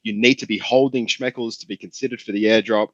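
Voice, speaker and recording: A man's voice: fairly low pitch, steady tone, fast, no echo. Australian man with a dull, dry voice. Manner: friendly and explanatory. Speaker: guest, project co-creator. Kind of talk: casual chat.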